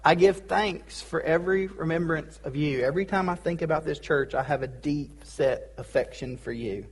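A male pastor delivering a sermon in a casual, joking way. His voice sits high and has a husky edge. He keeps the teaching light with playful asides. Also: normal speed. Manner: casual, joking preacher with pop-culture asides.

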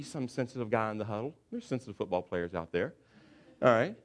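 A pastor delivers his sermon in a fairly low male voice. He tells a story with lively, acted-out asides and speaks to his congregation in plain, conversational words. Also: a little fast. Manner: animated storytelling, acts out football players.

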